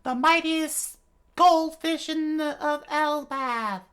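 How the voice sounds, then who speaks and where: A man's voice: extremely high pitch, fairly even intonation, slow, sharp tone, pitched above the performer's own voice, exaggerated voice. A man voicing a huge, jolly male giant who bellows with laughter, in a loose reading of a comic. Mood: jolly booming.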